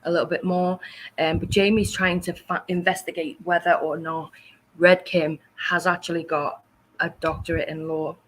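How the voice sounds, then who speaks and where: A woman's voice: fairly low pitch, little pitch movement, normal speed, slight background noise, low-quality recording. Chatty woman hosting a livestream. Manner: chatty, laughs often, rambling asides. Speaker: livestream host. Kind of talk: casual livestream chat. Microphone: shared desk microphone.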